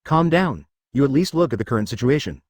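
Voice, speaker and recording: A man's voice: medium pitch, expressive, fairly quick, breathy edge, no room sound. Man reading stern commander, older, commanding, storybook, dry.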